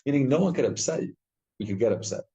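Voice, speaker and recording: A man teaching a Torah class, telling stories with lively acted-out quotes and frequent restarts. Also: mid-range voice, fast, low-quality recording. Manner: animated storytelling, acts out quotes, frequent restarts.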